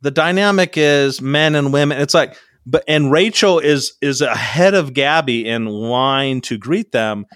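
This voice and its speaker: A man's voice: medium pitch, unhurried, few pauses, fairly bright tone, no echo. A man co-hosting a casual podcast, recapping a reality show with rambling, dry sarcastic asides into a close mic. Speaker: podcast co-host.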